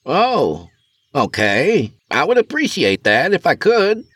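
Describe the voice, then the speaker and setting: A high whining salesman. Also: wildly swooping pitch, slow pace, a bit bright, slightly rough, dry recording, heavily acted. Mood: flustered. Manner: whining, fussy and ingratiating. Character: whining thin middle-aged traveling salesman, pushy.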